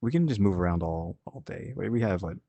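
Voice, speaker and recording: Casual male reactor, low husky voice, meandering musing delivery. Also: expressive, fairly quick, warm tone, no room sound, lo-fi sound. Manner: rambling, musing aloud. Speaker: reaction channel host.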